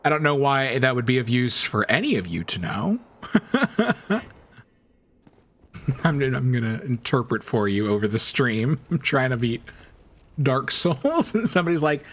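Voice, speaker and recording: A man's voice: mid-range voice, sing-song, a little slow, pauses often, a bit bright. Chatty rambling male streamer. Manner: rambling, chatty, laughs often. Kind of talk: casual chat while gaming.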